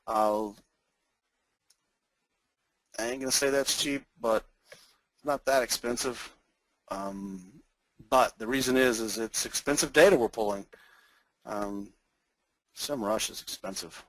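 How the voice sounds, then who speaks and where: A man with a North Texas accent giving a casual, rambling screen-share demo of software as a webinar presenter. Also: medium pitch, unhurried, long pauses, dry recording, rough recording. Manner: folksy, rambling, chuckles often.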